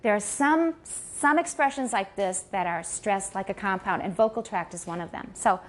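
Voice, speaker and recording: A woman's voice: medium pitch, normal speed. A woman lecturing on linguistics in a classroom, stopping to correct and model pronunciation for her students. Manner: corrects and models pronunciation, switches into Mandarin for glosses.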